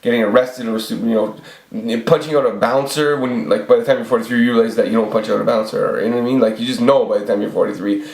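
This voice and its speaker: Man in his forties, mid-pitched, rants unscripted and profanely, echoey room. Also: darkish tone. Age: 40s. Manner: rambling, profane, many restarts. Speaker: channel host. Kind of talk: off-the-cuff ranting vlog.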